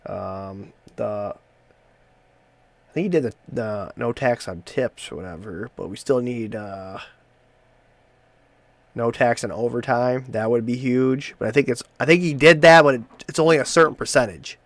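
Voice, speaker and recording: A man's voice: mid-range voice, moderate pace, no echo. A male host rambling in casual chat, swearing and restarting his sentences often.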